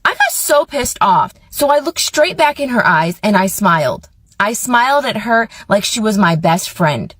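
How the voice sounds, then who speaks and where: A woman recounts a story in a heated, indignant voice. Her pitch sits in the middle of the range. The recording is dry and close, with no room sound. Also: a bit bright, no room sound, poor audio. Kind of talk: personal story vlog.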